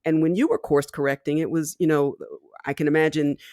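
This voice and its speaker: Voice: mid-range voice, fairly even intonation, brisk, a little mellow, dry recording, studio quality. A podcast host in a casual interview, responding to the guest with enthusiasm and encouragement.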